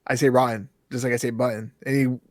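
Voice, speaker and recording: A man's voice: mid-range voice, flat delivery, darkish tone, dry recording. A man co-hosting a podcast, joking and chiming in during casual chat. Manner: jokey, quick interjections. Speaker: podcast co-host.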